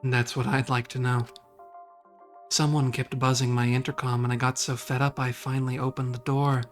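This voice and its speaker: A woman's voice: extremely low pitch, little pitch movement, normal speed, soft background music. A woman voicing a cold, guarded teen girl who talks in a curt, irritated way.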